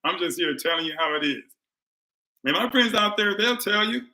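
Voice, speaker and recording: High, bright-voiced emphatic man. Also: lively intonation, normal speed, rough recording. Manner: emphatic, repetitive, preachy. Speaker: health speaker and show host. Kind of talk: live motivational health talk to an audience.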